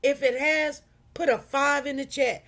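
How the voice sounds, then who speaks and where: A woman's voice: sits high, fairly even intonation, a little slow, a bit bright. A middle-aged woman with a Chicago accent chatting casually to her livestream viewers, repeating herself and talking straight to the audience. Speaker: livestream host.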